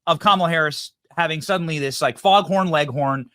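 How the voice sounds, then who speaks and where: A man hosting a political commentary show, hyped and quick, often tripping over and repeating his words. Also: on the high side, bright, forceful tone, dry recording, clean studio sound.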